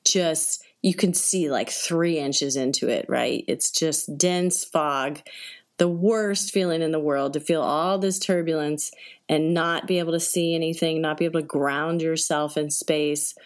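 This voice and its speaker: A woman telling a personal story in a chatty, animated way, acting out voices and reactions, with many fillers. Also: deep voice, a little slow. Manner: conversational, many fillers like "like" and "right?". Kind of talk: personal anecdote told to an audience.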